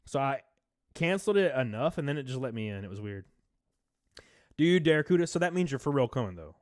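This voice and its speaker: A man live streaming, chatting casually, swearing, laughing often and reading chat aloud in a low-key mood. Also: very animated, a little fast, no room sound, studio quality.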